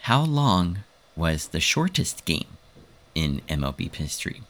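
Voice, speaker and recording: A man's voice: low-pitched, big pitch swings, measured pace, a bit bright. A man co-hosting a casual podcast chat, reading out quiz questions and choices while laughing often. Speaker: podcast co-host, quizmaster.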